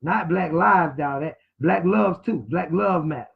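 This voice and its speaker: A man's voice: fairly high pitch, unhurried, vocal fry. A man giving an informal class lecture in a preachy way, repeating words and spelling them out letter by letter. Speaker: teacher. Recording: tinny phone-like sound.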